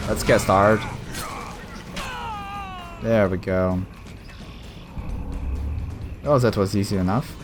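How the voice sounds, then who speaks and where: A man's voice: on the low side, steady tone, slow pace, long pauses, music in the background. A man casually commenting while playing a video game, rambling and thinking aloud with lots of fillers. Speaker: gameplay commentator. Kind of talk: casual let's-play commentary.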